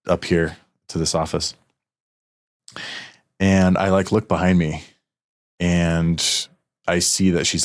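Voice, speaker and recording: A man hosting a podcast, telling a personal story earnestly and getting a little emotional, with many restarts. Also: low voice. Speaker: podcast host. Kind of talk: casual podcast conversation.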